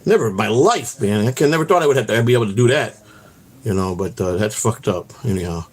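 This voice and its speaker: A man's voice: on the low side, expressive, quick pace, breathy edge. A man hosting his own vlog, telling rambling, profane stories outdoors on a walk and tagging his sentences with "man". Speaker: vlog host. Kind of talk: rambling casual storytelling while out walking.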